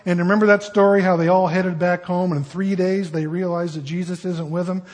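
A man's voice: high-pitched, steady tone, a little fast. A middle-aged man preaching a sermon in a conversational, emphatic way with rhetorical questions.

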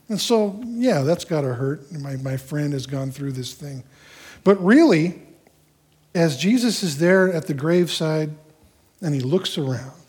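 A man preaching a sermon, walking through a scripture passage verse by verse and acting out the characters' lines in an animated way. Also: on the high side.

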